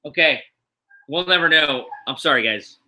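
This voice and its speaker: Hosting a wrestling show on a live stream at home, a middle-aged man from the US East Coast rambles in casual chat, full of fillers and tired but upbeat. His fairly high voice is bright and forceful, with lively intonation and a moderate pace, on poor audio.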